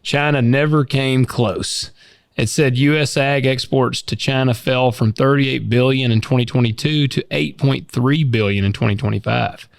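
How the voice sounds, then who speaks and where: Southern American male podcast co-host, gravelly, relaxed joking banter. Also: medium pitch, moderate pace, no echo, studio quality. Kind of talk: casual podcast chat.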